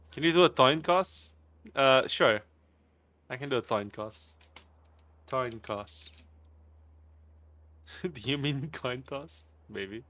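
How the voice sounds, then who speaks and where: A man's voice: mid-range voice, animated, takes it slowly, long pauses, bright, forceful tone, dry recording. A man live streaming a game, chatting casually with viewers, greeting them by name and laughing often in a playful, rambling way. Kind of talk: casual live stream chat while gaming.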